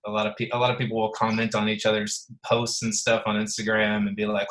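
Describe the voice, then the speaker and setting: Male guest, lowish voice, loose rambling speech full of restarts, calling in from an apartment. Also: flat delivery, brisk, fairly bright tone, rough recording. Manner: rambling, many fillers and restarts, laid-back. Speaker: podcast guest. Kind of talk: casual conversation. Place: apartment at home.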